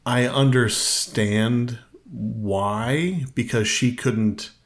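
Wry, animated man reviewing a film. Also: mid-range voice, drawn-out words. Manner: wry, animated retelling with mocking quoted voices. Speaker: podcast co-host. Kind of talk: casual movie review chat.

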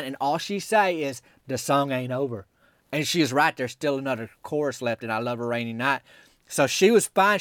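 A man hosting a podcast. He tells rambling comic stories in a folksy, deadpan, meandering way. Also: a little high, no room sound, studio quality. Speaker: podcast host.

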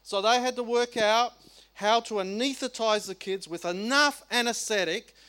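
A middle-aged Australian man preaching a sermon, animated and colloquial, firing off rhetorical questions. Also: high voice, normal speed, smooth. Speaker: pastor.

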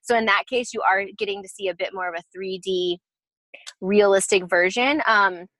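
A woman's voice: mid-range voice, normal speed, fairly bright tone, no room sound, poor audio. Woman, designer type, casual explainer with lots of ums and restarts; dry close sound. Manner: chatty, explanatory, many fillers and restarts. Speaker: interior designer. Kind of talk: casual podcast interview.

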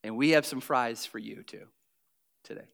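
A man preaching a sermon as pastor, animated, acting out little scenes and sometimes dropping to a near whisper. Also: medium pitch, normal speed, creaky.

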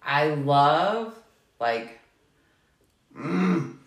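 A woman's voice: low voice, big pitch swings, very slow, roomy sound. A woman with a Southern American accent in casual, frank chat, drawing out her thoughts with playful filler sounds. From Southern United States.

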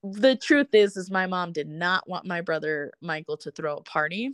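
A woman's voice: fairly low pitch, normal speed, no echo, clean studio sound. A woman in casual conversation, telling a personal story with frequent laughs and free swearing. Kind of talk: casual chat.

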